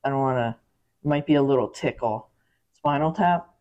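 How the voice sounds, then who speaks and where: A woman's voice: rumbling low, normal speed, a little mellow. A woman co-hosting a casual podcast from a rented holiday home, easygoing, with short agreeing replies. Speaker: podcast co-host. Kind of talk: casual chat. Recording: dull lo-fi sound.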